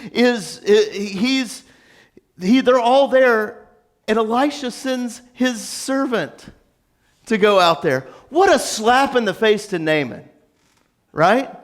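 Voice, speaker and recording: A man with a fairly high voice delivers a sermon. His style is loose and conversational, full of jokes and asides to the congregation as he retells the story. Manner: animated, joking, conversational storytelling. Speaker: pastor.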